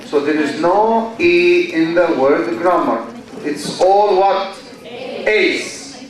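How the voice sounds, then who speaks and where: A man with an Egyptian accent lectures at a slow, deliberate pace in a fairly high voice, stopping to put questions to his students. He is recorded from well back in a large, heavily echoing lecture hall. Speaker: university lecturer. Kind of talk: classroom lecture. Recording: very echoey classroom, mic far from speaker.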